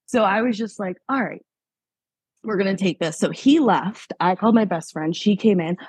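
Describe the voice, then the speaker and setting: Husky-voiced Pennsylvania mom, candid and rambling. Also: female voice, medium pitch, animated, moderate pace, darkish tone, dry recording. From Pennsylvania, USA. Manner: candid, rambling with many fillers. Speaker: podcast guest. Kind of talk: casual interview.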